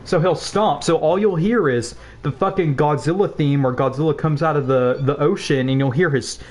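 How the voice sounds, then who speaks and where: Young male streamer, about 19, slightly high voice, loose profane storytelling with laughing asides. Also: moderate pace, a little mellow. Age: young adult, about 19. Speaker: game streamer. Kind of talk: casual storytelling while gaming.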